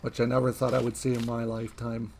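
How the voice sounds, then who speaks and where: A young man talks casually over a game, drifting into long, chatty anecdotes. His voice sits at a middling pitch with a gravelly, fry-laden edge. Faint noise hums under the recording. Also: completely flat delivery, fast talker, a little mellow. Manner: chatty, rambling anecdotes with frequent laughs. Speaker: gaming streamer. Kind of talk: casual gameplay commentary and storytelling.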